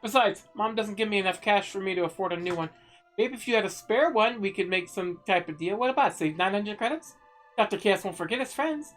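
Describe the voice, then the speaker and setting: A woman's voice: mid-range voice, expressive, brisk, faint music behind, lightly acted. A woman voicing a pompous would-be male supervillain who still lives with his mother, ranting grandly as she reads game dialogue aloud. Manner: grandiose, ranting, then nervous and pleading.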